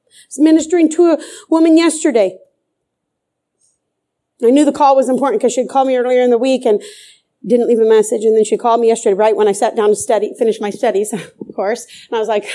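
A woman's voice: high voice, fairly even intonation, brisk, dark tone. A middle-aged woman preaching a sermon with fervor, repeating phrases for emphasis.

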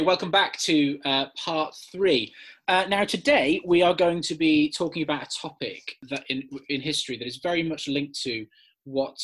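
A man's voice: medium pitch, fairly bright tone, breathy edge, poor audio. A man hosting an educational podcast, upbeat and using filler words. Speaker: podcast host.

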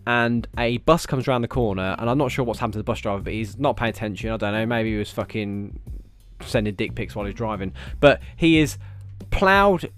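A man's voice: fairly low pitch, fairly quick. Guy late 30s, swears nonstop on his solo podcast, rambly and fired up, bit of music faint behind. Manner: swears heavily, rambling and animated. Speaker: podcast host. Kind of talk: casual solo podcast chat.

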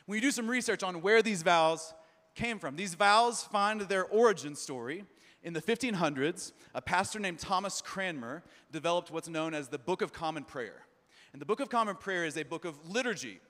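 A man's voice: high voice, lively intonation, moderate pace, fairly bright tone, big-room sound. A male pastor preaching a sermon in a casual, conversational way, telling self-deprecating stories full of fillers.

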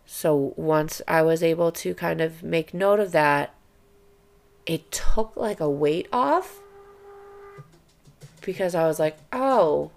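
Gravelly, blunt, swearing young woman. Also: lowish voice. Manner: blunt and confessional, swears often, frequent fillers like okay and right. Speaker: podcast host. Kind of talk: candid personal monologue.

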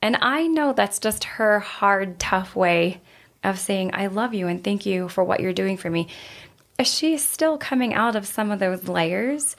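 A woman who leads healing retreats, telling an earnest story in a casual interview and acting out the quoted lines. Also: medium pitch. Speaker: retreat leader and healer.

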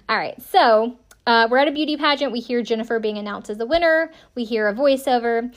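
A woman's voice: a little high, brisk, hardly any pauses. A woman in her thirties from South Carolina, chatting casually as a podcast host recapping a TV episode, wry and self-deprecating with many "um"s and "like"s. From South Carolina, USA. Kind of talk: casual chat.

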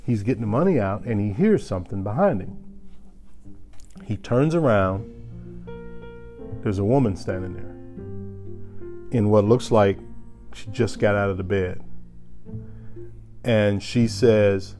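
A man casually telling a story to a listener, animated and chuckling, getting louder at the tense moments. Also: on the low side, slow, pauses often, faint music behind.

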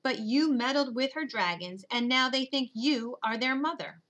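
A woman's voice: a little high, moderate pace, a bit bright, close to an everyday voice. A woman voicing an irritable, bossy boy who scolds his little sister in an audiobook. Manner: irritable, commanding. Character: boy, bossy older brother. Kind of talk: audiobook character voice.

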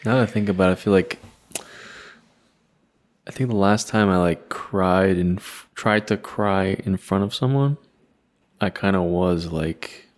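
A man talking casually on a podcast, hesitant and reflective, with lots of fillers and soft laughs. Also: deep voice, measured pace, pauses often. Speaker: podcast co-host.

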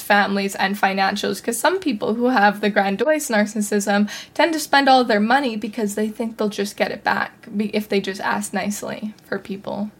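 Chatty young woman hosting a podcast. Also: mid-range voice. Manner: chatty, sarcastic, heavy use of "like". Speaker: podcast host. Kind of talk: casual solo podcast chat.

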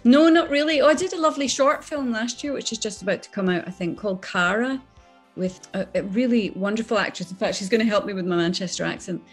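A chatty middle-aged woman with a Scottish accent talks casually as an interview guest, her voice at an everyday pitch. She tells her stories with animation and laughs often. Faint music sits behind her. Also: animated, quick pace. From born in England, raised on Islay, Scotland. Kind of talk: casual chat.

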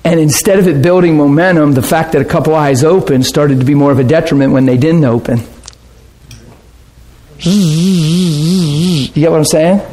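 A man preaching a sermon and telling stories, swinging from loud excitement to hushed, quiet asides. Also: a little high, normal speed, long pauses. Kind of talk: sermon storytelling.

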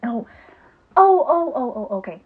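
A woman's voice: high-pitched, big pitch swings, measured pace, breathy edge. Chatty woman podcaster on a tinny phone. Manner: chatty, laughs often, trails off with ums. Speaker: podcast co-host. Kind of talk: casual chat. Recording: phone-like narrow sound.

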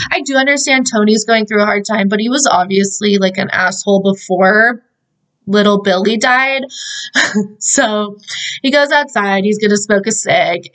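A young woman hosting a podcast gives a casual film recap, chatty and full of fillers and laughing asides. Her mid-range voice has a fairly bright tone, and the recording quality is low.

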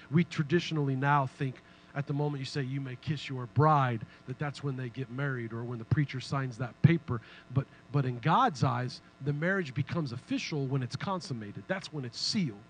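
A man preaching a sermon in a casual, humorous, animated way. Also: mid-range voice, fairly quick, a little hiss or hum, poor audio. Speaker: pastor.

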